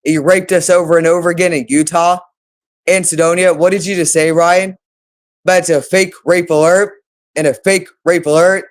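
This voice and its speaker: A woman's voice: lowish voice, steady tone, moderate pace. Woman vlogger, heated accusatory monologue, coarse and rambling. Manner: agitated, accusatory, profane ranting. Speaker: channel host. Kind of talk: unscripted monologue to camera.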